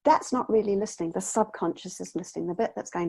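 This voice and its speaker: A woman's voice: medium pitch, quick pace, creaky, warm tone, husky. A woman guest explaining mindset strategies to parents in an earnest, explanatory way on a video call. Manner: earnest, explanatory, acts out children's voices. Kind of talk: casual interview chat.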